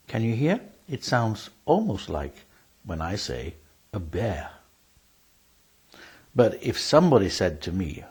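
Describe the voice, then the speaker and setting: A man's voice: low-pitched, sing-song, measured pace, darkish tone, breathy edge, low-quality recording. A man teaching a spelling lesson, speaking carefully and spelling words out letter by letter.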